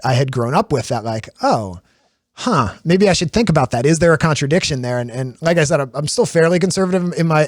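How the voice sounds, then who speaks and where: Fast-talking man hosting a podcast. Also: medium pitch, dry recording, clean studio sound. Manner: lively, many fillers and restarts, laughs easily. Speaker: podcast host. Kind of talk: casual conversation.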